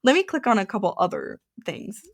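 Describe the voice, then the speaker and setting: A woman's voice: mid-range voice, very animated, brisk, gravelly. A young woman hosting a casual solo podcast, rambling and giggling as she looks things up and reacts to them. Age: young adult. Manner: chatty, rambling, giggly, self-interrupting. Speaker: podcast host.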